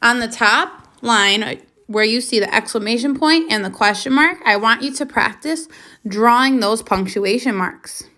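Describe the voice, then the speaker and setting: A woman's voice: fairly high pitch, moderate pace, pushed and bright. A woman teaching a first grade lesson on video, who asks the children questions, waits, and then confirms the answers patiently.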